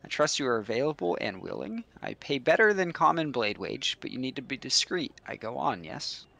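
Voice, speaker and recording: A man's voice: mid-range voice, very animated, gravelly, sharp tone, heavily acted. A man doing a sly schemer recruiting. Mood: scheming. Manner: quick, coaxing, ends lines on questions. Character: sly male schemer hiring mercenaries.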